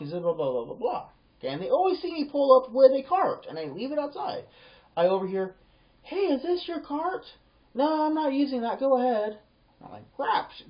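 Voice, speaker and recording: A man telling a personal story to camera in a casual, rambling way, often repeating words and acting out the back-and-forth of conversations. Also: medium pitch. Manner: rambling, repeats words, acts out quoted exchanges. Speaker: vlogger. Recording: dull lo-fi home recording.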